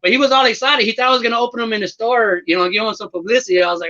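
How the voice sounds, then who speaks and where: A man's voice: very high-pitched, steady tone, rapid-fire, bright, forceful tone, highs cut off. A man chatting casually about collecting trading cards, rambling and laid-back with lots of fillers. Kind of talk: casual chat.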